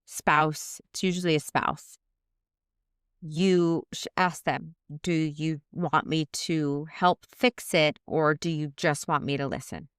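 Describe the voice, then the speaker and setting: A woman's voice: sits low, fairly even intonation, slow, smooth, dry recording, clean studio sound. A woman co-hosting a podcast in casual chat, speaking candidly, swearing freely and acting out quarrels in quoted voices. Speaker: podcast co-host.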